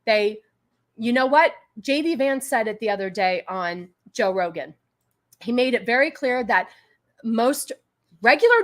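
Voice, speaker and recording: A woman's voice: on the high side, fairly bright tone. A woman hosting a casual live stream, talking back to chat in an exasperated, argumentative way and thanking donors. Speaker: livestream host. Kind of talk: casual political commentary stream.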